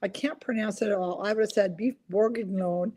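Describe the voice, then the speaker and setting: An older woman hosts a relaxed live chat over a video call, her voice at a middling pitch. She rambles in a friendly, self-deprecating way and greets viewers as she goes. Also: quick pace. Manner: chatty, self-deprecating, reads viewer comments. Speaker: host. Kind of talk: casual interview chat.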